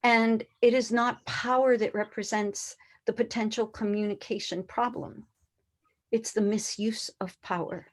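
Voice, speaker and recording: A woman's voice: fairly high pitch, steady tone, measured pace. A woman in her sixties, whose first language was not English, giving an earnest conference presentation to educators and posing rhetorical questions. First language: a language other than English.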